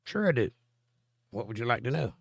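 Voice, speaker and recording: A man's voice: medium pitch, very animated, fairly quick, vocal fry, husky, dry recording, studio quality. A middle-aged man, hosting a live stream and reading viewer comments aloud with a joking, chatty manner. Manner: joking, chatty, answers chat directly.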